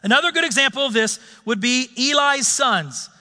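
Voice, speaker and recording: A man preaching a sermon as pastor in a church sanctuary, lively and urging the congregation to join in. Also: very high-pitched, normal speed, long reverb tail.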